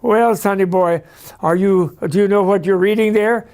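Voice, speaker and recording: A man voicing a wise old cleaning woman who gently teases a scholar, in a raised, knowing tone. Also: high-pitched, steady tone, moderate pace, pitched above the performer's own voice. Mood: teasing.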